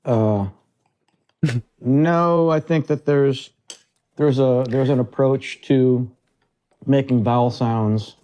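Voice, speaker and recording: A man, a guest musician, explaining his singing in a thoughtful, halting way. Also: mid-range voice, mellow, clean tone, lo-fi sound.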